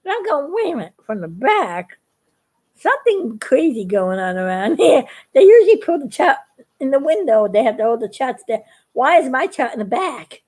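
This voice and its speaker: Woman vlogger with a high bouncy voice, chatty, giggles a lot while she tells a story. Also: very animated, moderate pace, darkish tone. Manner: chatty, laughs and giggles often. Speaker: YouTube cartoon maker. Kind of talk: casual storytelling vlog.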